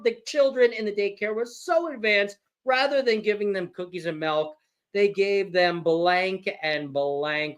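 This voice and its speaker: Animated man hosting a game show. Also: high-pitched. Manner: animated, laughs often, teasing. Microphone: video call.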